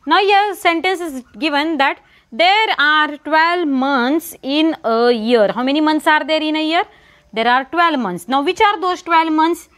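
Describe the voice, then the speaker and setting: A woman teaching a children's lesson, repeating words slowly and asking and answering her own questions. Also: high voice, a bit bright. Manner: repetitive, asks and answers her own questions, stresses pronunciation. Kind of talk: online English lesson for young children.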